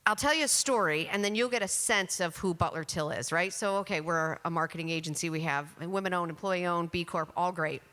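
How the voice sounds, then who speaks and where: A woman's voice: on the low side, brisk, few pauses, a bit bright. Middle-aged lady on a panel, handheld mic, candid and chatty, echoey hall. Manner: candid, chatty, self-deprecating. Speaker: panelist, chief marketing officer. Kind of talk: conference panel talk, storytelling. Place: conference hall on stage. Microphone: handheld microphone. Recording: reverberant hall.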